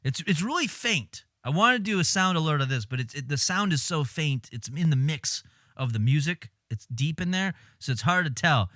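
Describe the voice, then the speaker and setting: A man streaming casual commentary on film clips, animated and exasperated, swearing and laughing as he talks. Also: fairly high pitch, normal speed, no room sound, clean studio sound.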